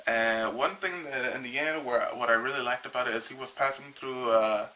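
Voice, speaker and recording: A comic book reviewer with a mid-range, very bright, sharp-edged voice loosely retells a comic's plot, sounding a little tired. He rambles and halts, restarting sentences often, and the audio is poor.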